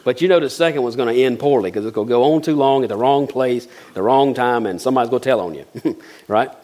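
A man preaching a sermon in a conversational way, often checking in with his listeners and acting out short quoted lines, then praying softly. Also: medium pitch, quick pace. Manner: conversational preaching, keeps asking "right?"; acts out quoted voices, drops soft into prayer. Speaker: pastor.

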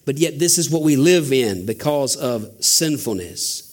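A man's voice: mid-range voice, animated, unhurried. A man preaching a sermon as a pastor, asking rhetorical questions and building emphasis. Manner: father.

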